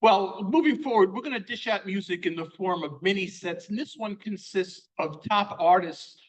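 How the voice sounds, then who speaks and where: A man's voice: high-pitched, moderate pace, poor audio. An older man hosting a community sing-along, chatty and joking about his own memory. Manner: chatty, joking, self-deprecating.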